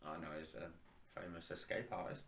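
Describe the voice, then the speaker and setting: A man whose voice is very low but bright and forceful, with a lively pitch. He chats casually as a podcast co-host and throws in playful jokes. His voice carries a roomy echo over faint background noise. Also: vocal fry. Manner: playful, quick with a joke. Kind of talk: casual chat.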